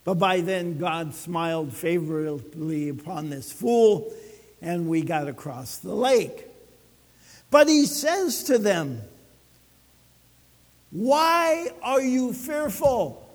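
Lively high-voiced preacher in a reverberant hall. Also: male voice, takes it slowly. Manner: storytelling, animated, dramatic shifts to soft. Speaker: pastor. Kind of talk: sermon.

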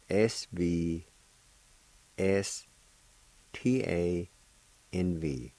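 A man's voice: low voice, dark tone, no room sound, low-quality recording. A man teaching a radio language lesson, patiently repeating each word and spelling it out letter by letter. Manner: deliberate, spells words out letter by letter.

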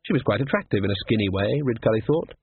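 A man narrating a story in a brisk, wry storytelling manner, in a tinny lo-fi recording. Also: lowish voice, animated, husky. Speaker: audiobook narrator. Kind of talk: scripted narration.

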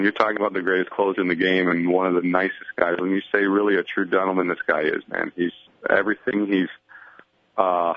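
A man calling in as a guest, chatting casually and relaxed, often saying "I mean". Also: on the low side, dry recording, dull audio. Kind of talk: casual phone-in chat.

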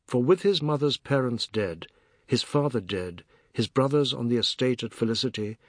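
A man reading a novel aloud in measured, even storytelling narration. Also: mid-range voice, dry recording, clean studio sound. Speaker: audiobook narrator. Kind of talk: scripted literary narration.

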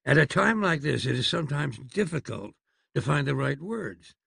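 A man's voice: a little high, sing-song, normal speed, gravelly, a bit bright, slightly rough, dry recording, clean studio sound, full character voice. A man voicing a fussy, courteous elderly doctor in a storybook reading. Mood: prim. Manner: prim, courteous, flustered.

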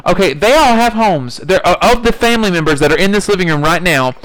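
A man's voice: sits high, animated, fast, a bit bright, poor audio. A man co-hosting a casual chat, ranting animatedly and swearing freely. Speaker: podcast co-host.

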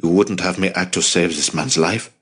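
Fierce uncle giving orders, deep low firm voice, read by a man. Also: normal speed, fairly bright tone, husky. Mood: stern. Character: stern, fierce middle-aged uncle.

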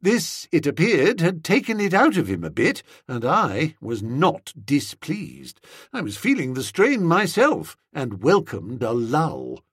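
A man narrating a comic first-person audiobook in a wordy, mock-pompous, playful manner, with a husky voice. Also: a little high, very animated, a little slow, no room sound, studio quality.

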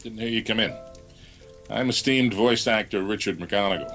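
A man's voice: lowish voice, normal speed, fairly bright tone. A man doing a pompous, languid scripted promo read for a podcast. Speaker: voice actor doing a show promo. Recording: faint music behind.

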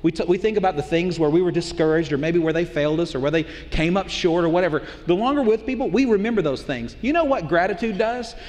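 A man's voice: high-pitched, lively intonation, quick pace, hardly any pauses, darkish tone. A middle-aged male pastor preaching a sermon in a conversational way, often putting rhetorical questions to the congregation. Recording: long hall reverb.

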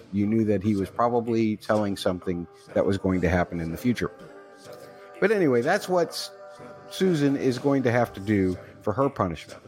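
A man hosting his own podcast alone, chatty and rambling, with fillers and asides. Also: fairly low pitch. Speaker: podcast host. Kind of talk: solo podcast recap.

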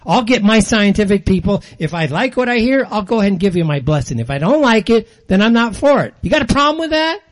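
A man's voice: high-pitched, sing-song, fairly quick, hardly any pauses. An older man hosting a show, delivering an angry, sarcastic monologue in blunt, ranting commentary. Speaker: show host.

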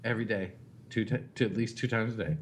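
A man in his thirties co-hosting a casual comedy podcast, telling profane stories about his daughter in an animated way. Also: fairly low pitch, quick pace, slight background noise. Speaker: podcast co-host.

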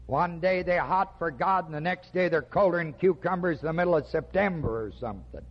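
A man preaching a sermon slowly and emphatically, with dramatic pauses. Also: fairly high pitch. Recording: dull lo-fi recording with long hall reverb.

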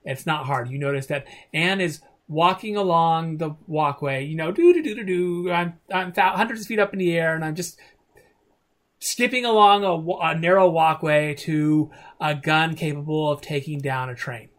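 A man's voice: a little high, moderate pace, a bit bright. A man narrating a tabletop game as game master, rambling with many restarts.

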